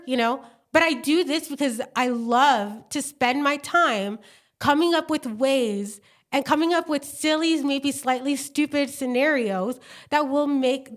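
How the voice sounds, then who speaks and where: Woman, high voice, animated storyteller, gushing, casual podcast chat. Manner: animated, gushing storyteller who acts out quotes. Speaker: podcast co-host.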